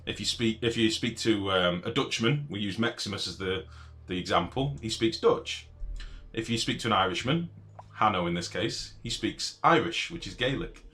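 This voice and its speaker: A man's voice: fairly low pitch, animated, moderate pace, bright, forceful tone. A British man live-streaming a game, answering viewers in blunt, profane, ranting casual talk. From Britain.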